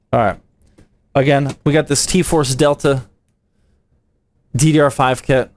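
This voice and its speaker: A man's voice: medium pitch, steady tone, measured pace, pauses often, a little hiss or hum. A young man from the United States, a PC building streamer, chatting casually with his live chat in a slangy, playful way.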